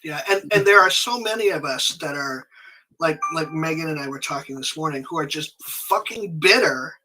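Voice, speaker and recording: A high-pitched man with a very bright, forceful tone, speaking as a podcast guest. He tells stories in a lively way and keeps restarting and correcting himself mid-sentence. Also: normal speed, low-quality recording. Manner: animated, frequent restarts and self-corrections. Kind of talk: conversational storytelling.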